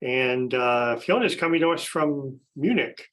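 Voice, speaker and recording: A man's voice: medium pitch, unhurried, fairly bright tone, rough recording. A man hosting a podcast, casually introducing a panel of guests, chatty with frequent fillers and restarts. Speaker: podcast host.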